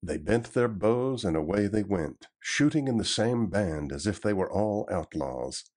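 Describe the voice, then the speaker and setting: A man reading an old adventure story aloud in a steady, even delivery. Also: low-pitched. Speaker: narrator.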